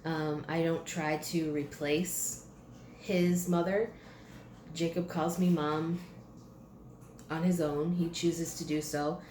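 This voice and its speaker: Young female vlogger, low-voiced, teary, halting, echoey room with faint hiss. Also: little pitch movement, a little mellow. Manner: halting, many fillers and pauses. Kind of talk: emotional personal vlog.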